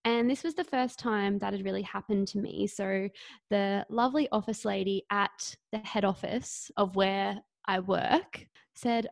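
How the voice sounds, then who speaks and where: Young woman, podcast co-host, easygoing, amused, fry in her voice. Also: medium pitch, steady tone, measured pace, no room sound. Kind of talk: casual chat.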